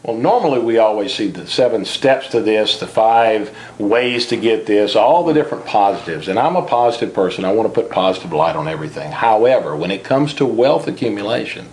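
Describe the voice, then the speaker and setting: A man's voice: on the low side, lively intonation, fairly quick, hardly any pauses, darkish tone, a little hiss or hum. A man being interviewed as the author of a finance book, talking earnestly and sometimes repeating a word as he starts a thought. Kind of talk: interview about personal finance.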